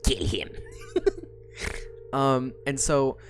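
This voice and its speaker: A woman's voice: very deep voice, very slow, soft background music. A woman streamer casually recapping a story, swearing a lot and laughing often. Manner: profane, animated, laughs often.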